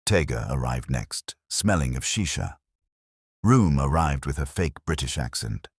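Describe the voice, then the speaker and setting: Casting: a male folktale narrator with a very deep voice, dramatic and expressive, with a lot of rise and fall. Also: unhurried, husky, dry recording, clean studio sound. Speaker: storyteller. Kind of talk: scripted narration.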